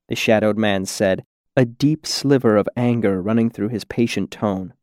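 A man narrating a fantasy story in a measured, deliberate reading. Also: fairly low pitch, a little mellow, no room sound, clean studio sound. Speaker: audiobook narrator.

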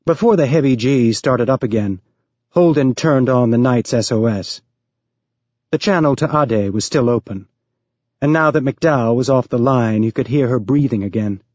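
A man reading an audiobook aloud as narrator, raising his pitch to voice characters. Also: moderate pace, a little mellow, dry recording, dull audio.

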